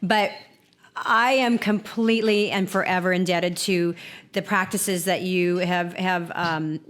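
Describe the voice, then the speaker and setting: A woman's voice: lowish voice, steady tone, unhurried, fairly bright tone. A woman hosting a podcast, chatting in a casual, effusive and grateful way with many restarts. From California. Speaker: podcast host. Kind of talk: casual interview chat.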